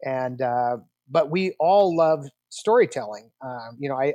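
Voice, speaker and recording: Speaking at medium pitch and a little slowly, a man in his sixties who produces films shares lively stories as an interview guest. He restarts often, and there's no room sound on the recording.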